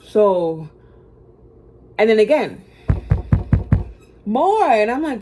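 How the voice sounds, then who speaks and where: A woman's voice: mid-range voice, very animated, slow pace, long pauses, a little mellow, slight background noise. A young woman telling a personal story to camera in a casual, blunt, slangy way, cursing freely and poking fun at herself. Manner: blunt, profane, slangy, self-mocking. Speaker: storytime vlogger.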